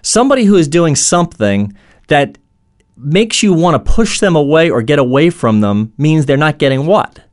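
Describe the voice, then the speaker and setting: A man's voice: a little high, sing-song, normal speed. A man giving an instructional talk as a coach, earnest, explaining through stories and imagined dialogue, with frequent fillers and restarts.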